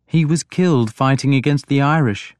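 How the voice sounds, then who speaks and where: A shrewd king who questions calmly and sternly, his voice pitched a little high, as a man reading the story puts him on. The delivery is measured and deliberate. It sounds close and dry, with no room around it. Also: smooth, no room sound, close to an everyday voice. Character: stern, shrewd, mild-spoken male king. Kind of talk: audiobook character voice.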